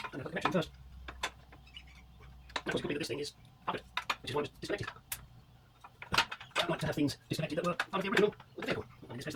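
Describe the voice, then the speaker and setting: A fairly high-pitched man restores a motorcycle in his home garage, cursing and mumbling to himself while walking viewers through the work. The casual workshop commentary is accompanied by heavy background noise.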